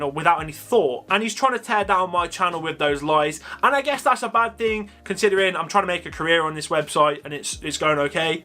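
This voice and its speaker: A man's voice: a little high, pushed and bright. A man with a Coventry accent, talking casually to his viewers in a sarcastic, chatty way full of fillers. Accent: Coventry English. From Coventry, England. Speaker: wildlife YouTuber. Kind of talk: casual vlog commentary.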